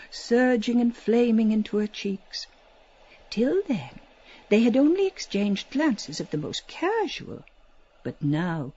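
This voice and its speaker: Woman reading a classic novel, sing-songy expressive, slightly husky, kinda muffled dry sound. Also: mid-range voice, no echo. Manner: expressive, lilting storytelling with soft hushed passages. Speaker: audiobook narrator. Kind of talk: literary audiobook reading.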